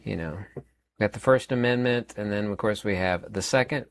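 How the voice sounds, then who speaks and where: A man's voice: medium pitch, expressive, fairly quick. A man in his fifties giving a rambling, emphatic opinion monologue as a channel host, often repeating words and using fillers. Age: 50s.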